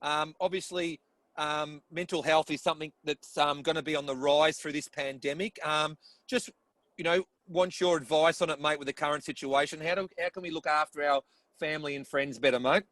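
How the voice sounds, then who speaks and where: A man's voice: a little high, fairly even intonation, a little fast, fairly bright tone, no room sound, low-quality recording. A man hosting a casual interview, friendly and stammering, saying mate often. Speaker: interview host.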